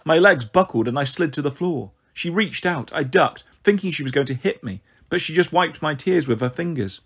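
A man reading a children's novel aloud as steady first-person narration. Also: a little high, moderate pace, breathy edge. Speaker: audiobook reader.

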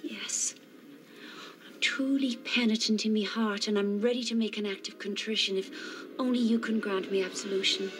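An actress voicing a timid young Catholic wife, giving a hushed, tremulous confession in a whispered role-play. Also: female voice, mid-range voice, steady tone, normal speed, over music, lightly acted. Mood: fearful confession.

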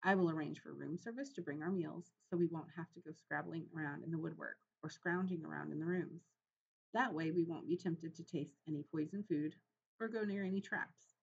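A woman's voice: sits low, fairly even intonation, a little fast, gravelly, lo-fi sound, slight background noise. A woman voicing a bold, self-assured young boy mouse. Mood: eager.

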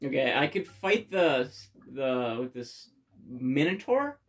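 A let's play host giving excitable game commentary with loud bursts of cheering and frequent swearing. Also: mid-range voice, slow pace. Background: faint game music.

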